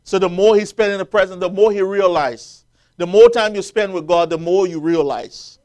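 High-voiced male preacher, emphatic. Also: moderate pace, darkish tone. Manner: rising to emphatic peaks, quoting scripture, call-and-response. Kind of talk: sermon.

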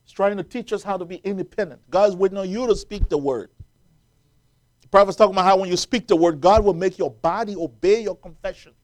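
A man's voice: high-pitched, a little fast. A man preaching a sermon, quoting scripture and building to emphatic, rising peaks as the congregation answers.

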